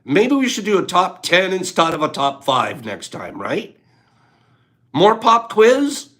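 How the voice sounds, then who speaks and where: A man's voice: high-pitched, very animated, takes it slowly, fairly bright tone. A man hosting a casual livestream, joking with viewers, laughing often and greeting the chat by name. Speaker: livestream host.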